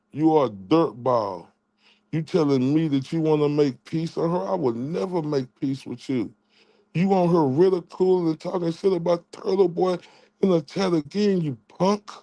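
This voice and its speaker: A man in a mocking, trash-talking rant, taunting his target and tripping over repeated words. His voice sits a bit high for a man. The sound is dry and close, with no room. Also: a little mellow, dry recording. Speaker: channel host.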